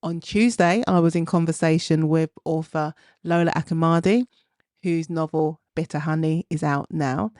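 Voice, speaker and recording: A woman hosting a podcast interview, upbeat and brisk, laughing easily. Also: deep voice, steady tone, a little mellow, dry recording, clean studio sound. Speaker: podcast host. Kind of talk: scripted podcast intro, then casual interview.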